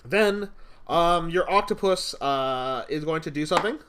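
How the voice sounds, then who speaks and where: A man narrating a tabletop game as game master, animated and hesitant with many fillers. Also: fairly high pitch, measured pace, clear, resonant tone.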